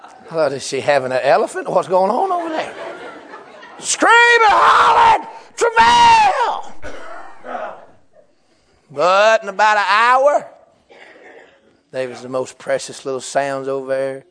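A young man, preaching a humorous sermon. He tells stories loudly, often laughing and breaking into shouts. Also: fairly high pitch, big pitch swings, moderate pace, a faint crowd.

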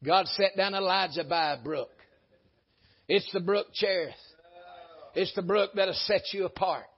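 A man's voice: high voice, a little slow, slightly rough, lo-fi sound. A man preaching a folksy sermon, rising and dropping in volume for emphasis. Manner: folksy, emphatic preaching with sudden rises and drops. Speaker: pastor.

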